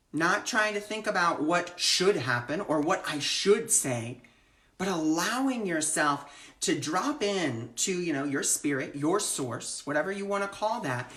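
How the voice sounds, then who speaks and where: A woman's voice: on the low side, a bit bright, echoey room. A woman who gives readings, speaking earnestly in a live-streamed spiritual talk with flowing, repeated phrases. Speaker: spiritual teacher and reader.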